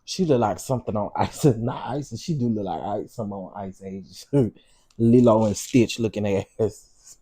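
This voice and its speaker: A man's voice: fairly low pitch, animated, moderate pace, mellow, breathy edge. A man hosting a livestream, giving sassy, teasing live commentary with laughing asides. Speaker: livestream host.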